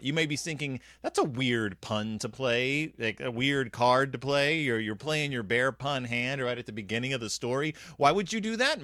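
Chatty man, digressive, animated delivery, dry booth-like sound. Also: medium pitch, no echo. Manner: rambling, digressive, frequent self-interruptions; jokey, conversational asides. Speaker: podcast host reviewing a children's book. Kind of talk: casual chat.

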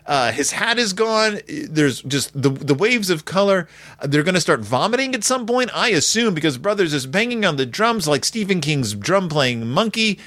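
A man's voice: fairly high pitch, very animated, moderate pace, fairly bright tone, no echo. A man giving a sarcastic, exaggerated, rambling comedic recap of a children's book. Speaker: podcast host reviewing a children's book.

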